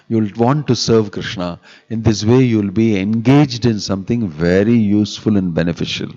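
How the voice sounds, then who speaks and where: A man's voice: fairly low pitch, a little mellow. A man, a monk, giving a sermon on scripture, reciting Sanskrit verses and repeating key phrases with rhetorical questions. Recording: dull lo-fi live webcast audio.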